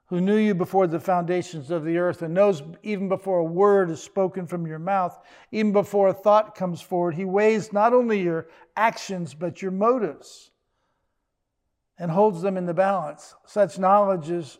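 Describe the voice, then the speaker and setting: A man's voice: high voice, darkish tone. An older man preaching a sermon as pastor, in a conversational style with joking asides.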